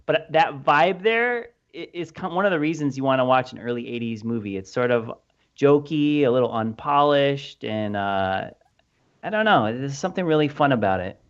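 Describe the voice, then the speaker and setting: A man co-hosting a casual movie podcast, retelling scenes in a relaxed way. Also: mid-range voice, normal speed, highs cut off. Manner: relaxed storyteller, acts out quotes. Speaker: podcast co-host.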